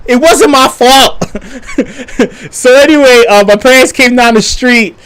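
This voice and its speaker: A man's voice: very high voice, a little slow, fairly bright tone, clear, resonant tone. A young adult man telling a story on a live stream, swearing freely, stammering through restarts and laughing as he talks.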